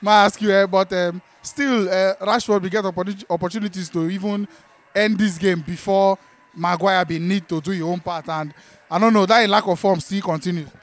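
Calm Nigerian man with a high voice. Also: brisk. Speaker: football fan. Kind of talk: match discussion.

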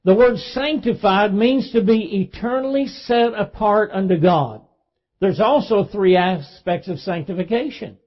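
Southern male pastor, high-pitched, sermon delivery with scripture reading, muffled lo-fi church tape. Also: unhurried. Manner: preaching, reading scripture aloud with emphasis.

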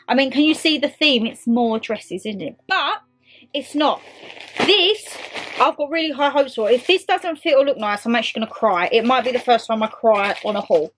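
A young British woman chatting excitedly to viewers and to her clothes in a casual haul video. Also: sits high. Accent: British English. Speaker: vlogger. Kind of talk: casual try-on haul chat.

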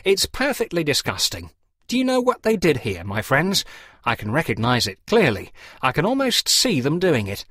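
A man's voice: a little high, huge pitch swings, normal speed, fairly bright tone, husky, dry recording, studio quality, pitched above the performer's own voice, full character voice. A man voicing a fussy, pompous middle-aged clergyman who lectures in a precise, theatrical way. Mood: lecturing.

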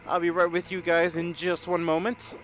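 A young man commenting on his gameplay, excitable and jokey, reacting loudly to what happens. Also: high voice, normal speed, soft background music. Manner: excitable, jokey, talks over the game. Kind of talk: let's-play commentary.

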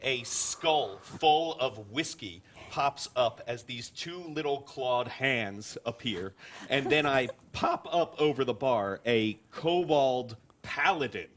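A man's voice: mid-range voice, animated, takes it slowly, fairly bright tone, a little hiss or hum. A man playing a tabletop game, narrating what his character does. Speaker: player. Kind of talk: tabletop role-play narration.

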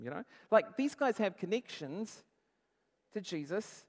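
High-voiced male pastor preaching in a hall. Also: moderate pace, long pauses. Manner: conversational, animated preaching with acted-out quotes. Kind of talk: sermon.

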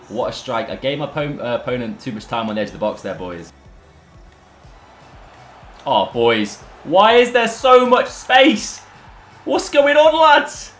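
Excitable lad commentating gameplay. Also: male voice, mid-range voice. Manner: excitable, banter-filled, addresses viewers as lads and boys. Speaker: gaming YouTuber. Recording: roomy echo, faint background music.

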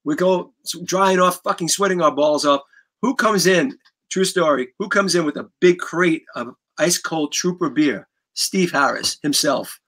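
Bright-voiced New man telling stories. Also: on the high side. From New York. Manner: animated, profane, rambling with restarts. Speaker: guest musician. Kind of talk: casual storytelling.

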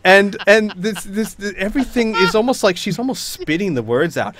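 A man narrating a tabletop role-playing game as game master, halting with many restarts. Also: sits high, expressive, fairly bright tone.

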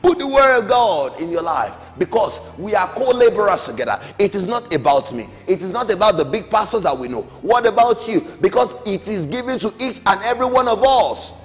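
A middle-aged man teaching a Bible lesson in a high, lively voice that swoops up for emphasis and drops low on each amen. His words ring with a long hall reverb, and faint music plays underneath. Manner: emphatic, rising calls and falling amens. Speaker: Sunday school teacher.

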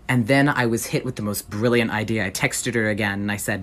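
A young adult telling a funny personal anecdote in an animated, sarcastic way, swearing freely. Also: medium pitch, a little fast, few pauses, slight background noise. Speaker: storyteller.

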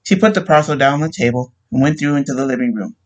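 A man reading a short story aloud, with a steady, plain storytelling delivery. His voice sits in a middle pitch, neither deep nor high. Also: fast talker, poor audio. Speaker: narrator.

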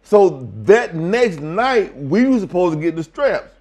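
A man's voice: high-pitched, very animated, slow, darkish tone. Blunt, profane older man telling stories. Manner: blunt, profane, acts out quoted lines. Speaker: retired wrestler, interviewee. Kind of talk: profane storytelling interview.

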